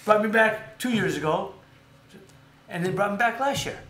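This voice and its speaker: A man's voice: high-pitched, normal speed. A man hosting a casual live stream, telling rambling stories and often correcting himself. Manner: rambling, animated storytelling with self-corrections. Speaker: host. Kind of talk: casual live-stream chat about boxing. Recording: echoey room with faint background noise.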